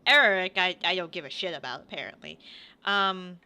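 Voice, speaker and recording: A woman's voice: fairly low pitch, lively intonation, normal speed, pushed and bright, clean tone. A woman hosting a let's play, chatting casually and laughing at her own attempts. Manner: chatty, self-deprecating, laughs often.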